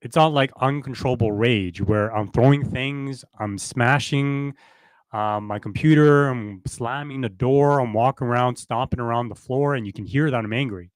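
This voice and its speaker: A man's voice: medium pitch, no echo. A man co-hosting a relationship podcast, talking casually and reflectively, explaining ideas with everyday examples and checking in with "right?". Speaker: podcast co-host. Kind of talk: casual relationship coaching talk.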